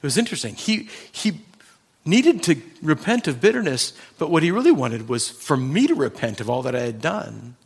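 A man's voice: on the high side, big pitch swings, moderate pace, gravelly, breathy edge. A male pastor preaching a sermon, talking conversationally and addressing the congregation directly with personal stories.

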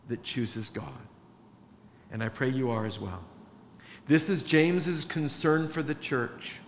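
A man preaching a sermon to his church, impassioned, swinging between hushed confession and loud emphasis. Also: medium pitch. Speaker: pastor. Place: church sanctuary. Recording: church hall reverb with faint room noise.

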